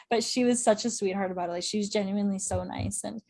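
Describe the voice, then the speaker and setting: A young woman from Canada, a podcast guest chatting casually in an interview, quick and talkative, laughing often and saying "like" constantly. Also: mid-range voice, fairly even intonation, darkish tone. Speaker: podcast guest, club correspondent.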